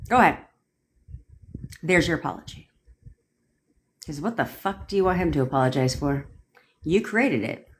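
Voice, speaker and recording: A woman's voice: sits low, expressive, normal speed, pauses often. A woman coaching on a livestream, blunt and profane, firing rhetorical questions at viewers. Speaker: manifestation coach. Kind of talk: livestream rant answering viewer comments. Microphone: phone livestream.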